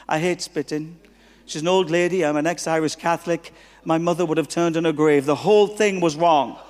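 A man preaching as a guest pastor, telling stories with humor and acting out the dialogue. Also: on the high side. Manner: animated, humorous, acts out dialogue. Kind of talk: sermon with storytelling. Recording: long reverb of a hall.

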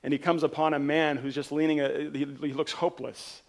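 Gravelly-voiced pastor telling a parable. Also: male voice, a little high, little pitch movement, brisk. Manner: earnest, retelling a parable with rising and falling intensity. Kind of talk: sermon storytelling.

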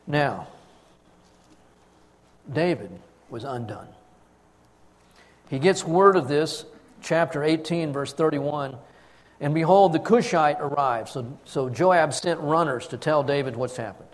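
A man preaching a sermon, telling the story with emphatic swings in loudness. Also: fairly high pitch, slow, long pauses.

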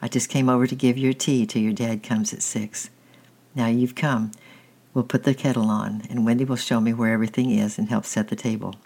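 A gentle old woman from a storybook, soothing and unhurried, her voice hushed and low as she tries to calm a frightened boy, as the narrator puts her on. She stays tender and careful with every word. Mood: gentle, reassuring. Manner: soft, quiet and slow, reassuring.

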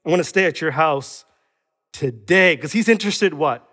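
A man preaching to his congregation in a high, bright voice. He keeps asking rhetorical questions and now and then acts out other people's voices. The sound rings with the long reverb of a large church hall. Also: lively intonation, moderate pace. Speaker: pastor. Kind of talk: sermon.

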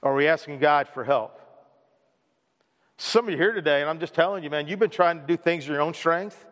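A man's voice: a little high, brisk, fairly bright tone. A male pastor preaching a casual, conversational sermon to his congregation, often repeating words as he restarts his sentences. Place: church sanctuary. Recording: long hall reverb in a church.

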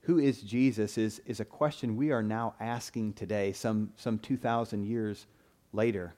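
Brief: male pastor mid-sermon, earnest, mellow timbre, stammered restarts. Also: on the low side, steady tone, a little slow. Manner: earnest, repeats words when starting phrases. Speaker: preacher.

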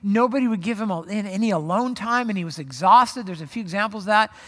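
A man's voice: sits high, fast, fairly bright tone, in a large hall. A man preaching a sermon in a conversational way, often acting out quoted voices. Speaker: pastor.

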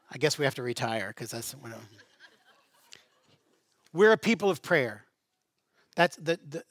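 A middle-aged male pastor preaches in an easy, conversational way, dropping in asides and small jokes. His voice sits a little high for a man, and the sound is close and dry with no room echo. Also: fairly bright tone. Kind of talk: sermon.

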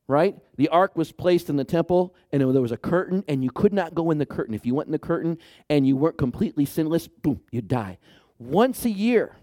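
A man preaching a sermon with a slightly raised pitch that swings widely as he talks. He mixes playful asides to his listeners with moments where he drops to a hushed, tender voice. The sound is dry and close. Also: no room sound. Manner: animated, shifts to hushed soft delivery for emphasis; playful asides and jokes to the congregation. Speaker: pastor.

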